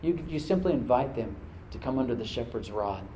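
A man preaching a sermon as pastor, talking conversationally and dropping to soft, prayerful tones. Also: mid-range voice, expressive, a little fast, a little hiss or hum. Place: church sanctuary. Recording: roomy hall, mic at a distance.

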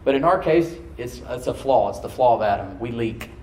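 A man's voice: mid-range voice, animated, a little fast, darkish tone, slight background noise. A middle-aged male pastor preaching a sermon to his congregation, exhorting and repeating phrases for emphasis. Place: church hall with congregation. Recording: roomy church echo.

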